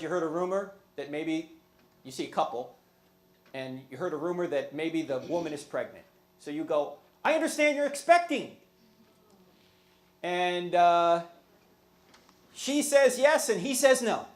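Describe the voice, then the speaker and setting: A man giving a lively, humorous lecture as guest speaker, often checking in with his audience. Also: sits high. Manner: humorous, asks the audience questions.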